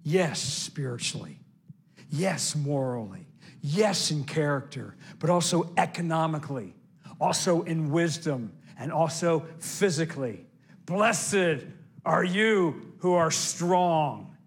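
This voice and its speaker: A man preaching a sermon, telling lively stories and urging listeners on, with loud exclamations and hushed asides. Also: on the high side, slow pace, husky. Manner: exhorting listeners directly.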